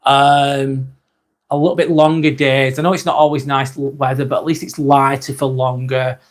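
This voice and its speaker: A man's voice: mid-range voice, little pitch movement, normal speed. A man in his forties hosting a casual live stream, rambling and chatty as he reads out and answers viewer comments, with mild swearing. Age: 40s.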